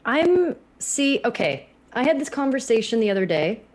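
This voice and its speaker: A woman chatting casually and playfully on a livestream with quick reactions. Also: fairly high pitch, very animated. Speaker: streamer guest.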